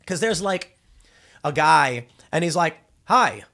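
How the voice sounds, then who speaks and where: A man's voice: fairly high pitch, measured pace, vocal fry, a bit bright. A male host in his thirties giving casual opinion commentary, rambling and restarting with repeated words. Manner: acts out quoted people in exaggerated voices.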